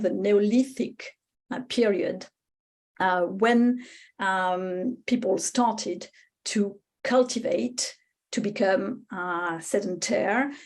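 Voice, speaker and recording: A woman with a French accent, a native Spanish speaker, giving a webinar lecture with many pauses and fillers. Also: medium pitch, darkish tone. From France. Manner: hesitant, many fillers and restarts. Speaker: guest speaker.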